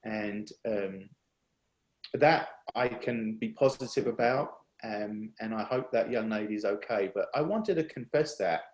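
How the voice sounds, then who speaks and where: Over a video call with a roomy echo, a speaker at a worship workshop shares his personal testimony. His voice is on the low side and a bit mellow, and his earnest, confessional delivery is halting, full of restarts.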